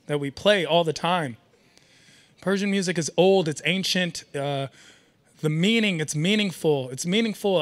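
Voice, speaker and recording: A young man doing a stand-up comedy set at a live event, animated and riffing with the audience. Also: a little high. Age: young adult.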